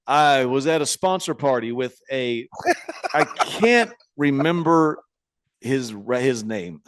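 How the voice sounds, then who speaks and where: A man in his forties with a mid-range, sing-song voice talks slowly, recorded in clean studio quality with no echo. Co-hosting a casual podcast, he reads listener emails, often bursting into laughter between stumbling restarts.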